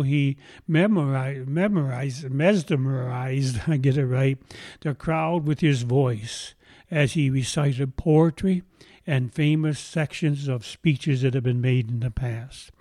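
Man preaching with a dark, dry voice. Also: fairly high pitch, no room sound. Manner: slow deliberate emphasis on scripture, gentle storytelling. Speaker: pastor. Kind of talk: sermon.

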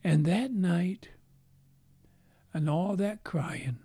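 A man's voice: sits high, animated, drawn-out words, mellow, husky, dry recording. A man preaching a sermon, telling a story with dramatic turns and falling into whispers. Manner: dramatic, acts out quotes, drops to whispers.

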